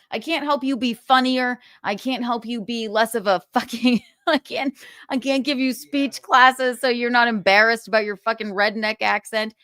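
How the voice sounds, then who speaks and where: A woman's voice: on the high side, fairly even intonation, normal speed, fairly bright tone, no echo, studio quality. A woman hosting a livestream, ranting in a sarcastic, profane way and laughing between jabs. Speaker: livestream host.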